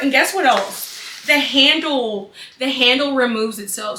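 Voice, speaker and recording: A young adult woman vlogging a casual haul, dramatic, excitable and chatty. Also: fairly high pitch, noisy background. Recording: echoey room, mic at a distance.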